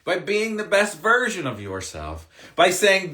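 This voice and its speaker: Upbeat man giving a bright pep talk. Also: high voice, very animated, normal speed, few pauses. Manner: upbeat, emphatic, swears casually. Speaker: spiritual coach. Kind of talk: live-stream card reading and pep talk.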